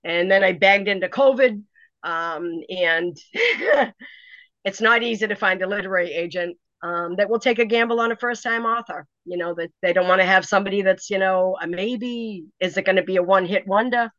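Speaking at a normal pace in a medium pitch, this woman is a first-time author giving a lively, dramatic retelling during a relaxed interview, with frequent restarts. There's no room sound, and the lo-fi recording comes across dry and a little dull.

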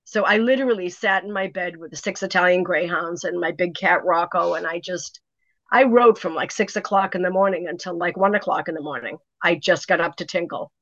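Lively middle-aged woman. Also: on the low side, fairly quick, dry recording. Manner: animated, lots of "you know" fillers. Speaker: author guest. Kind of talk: storytelling in an interview. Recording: dry, dull lo-fi sound.

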